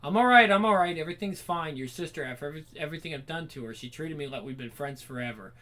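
A man voicing a fragile, remorseful young woman in a game, reading her lines softly without much change to his voice. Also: on the high side, expressive, fast. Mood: tearful.

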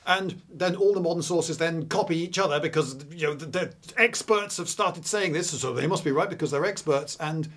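A man with a slightly high voice talks through military history in a relaxed, rambling video lecture. He pauses often with "uh"s and slips in dry, wry asides. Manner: chatty, digressive, dry humour, frequent "uh"s.

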